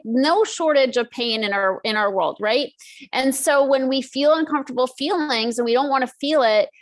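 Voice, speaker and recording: Animated, high-voiced woman guest. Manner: chatty and animated, acts out her own inner voice. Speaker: guest, emotional eating expert. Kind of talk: podcast interview.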